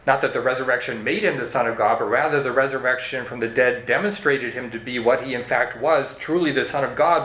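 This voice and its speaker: A man's voice: mid-range voice, a bit bright. A man preaching an expository sermon, walking listeners through the verses in an earnest teaching tone. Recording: echoey room with faint ambience.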